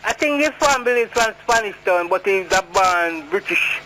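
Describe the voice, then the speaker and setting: A man's voice: high voice, lively intonation, normal speed, noisy background. A man with a Jamaican accent calling in to a radio show, chatting casually in patois. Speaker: caller.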